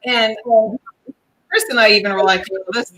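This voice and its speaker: A woman guesting on a paranormal podcast, with a bright, clear tone. She chats freely, agreeing a lot and acting out the reactions in the stories she tells. Her delivery is relaxed and conversational. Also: fairly high pitch, moderate pace, rough recording. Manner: chatty, many agreeing yeahs, acts out quoted reactions. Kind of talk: casual podcast chat.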